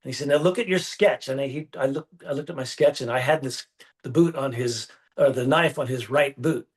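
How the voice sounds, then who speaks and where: A man guest on an interview, telling stories in a casual, animated way and acting out the dialogue he quotes, over a phone or video call. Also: mid-range voice, a little fast. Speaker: guest artist.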